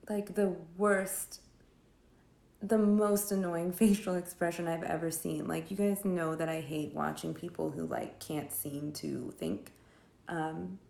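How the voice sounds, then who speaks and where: A woman with a gravelly, mellow voice talks in a loose, rambling way, with a steady stream of "like" and exasperated sarcasm. She sounds like she is venting to friends in an echoey room. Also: medium pitch. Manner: sarcastic, exasperated, filler-heavy with lots of "like". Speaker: vlogger reviewing films while drawing. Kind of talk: casual rambling film roast.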